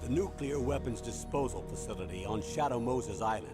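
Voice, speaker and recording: An actor voicing a stern military commander delivers a formal, measured mission briefing in a video game cutscene. His voice sits at an ordinary male pitch, and a loud game score plays beneath every word. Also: over music, lightly acted. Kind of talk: dubbed game cutscene dialogue. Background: loud game score under the voice.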